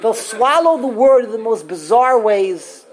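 A woman's voice: a little high, animated. A woman teaching a text study class, explaining grammar and sounding out words syllable by syllable. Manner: explanatory, sounds out syllables slowly, frequent restarts.

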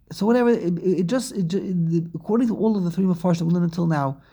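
A man's voice: on the high side, vocal fry, darkish tone. A man teaching a scripture study class, reading phrases aloud, translating them, and explaining step by step with restarts and asides to his students.

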